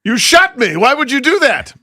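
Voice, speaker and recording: A man doing an impression of a badly burned movie henchman, in a high, strained, whining voice. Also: very animated, normal speed, bright, forceful tone, dry recording, clean studio sound, heavily acted. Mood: whiny pleading.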